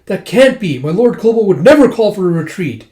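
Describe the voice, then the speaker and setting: Frantic loyal servant woman, high strained cries, echoey room, as a man puts her on. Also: sing-song, moderate pace, warm tone. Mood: panicked. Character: loyal anxious female servant.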